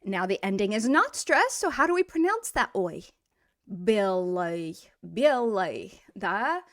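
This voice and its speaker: A woman with a slightly high voice runs a casual language lesson, talking it through in an upbeat, chatty way. She often slows down to repeat words for pronunciation. The sound is dry and close, with no room echo. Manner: lively, repeats and models pronunciations slowly. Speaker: Russian language teacher.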